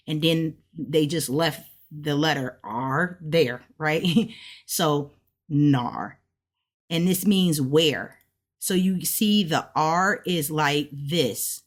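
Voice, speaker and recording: A woman learning a language who casually walks through her study notes, chatty and relaxed, often checking in with "right?". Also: deep voice. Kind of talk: casual step-by-step explanation.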